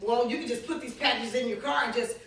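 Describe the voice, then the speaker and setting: High-voiced lady pastor telling a story, acts out everybody, sounds far off in a big echoey room. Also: fast. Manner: animated storytelling, acts out dialogue, laughs often. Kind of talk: sermon testimony.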